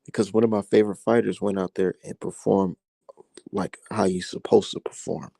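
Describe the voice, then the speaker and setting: Gravelly-voiced man ranting about boxing. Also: steady tone, moderate pace, warm tone, no echo. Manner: profane, heated ranting that climbs high when worked up. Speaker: boxing commentary host. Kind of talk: casual boxing commentary monologue.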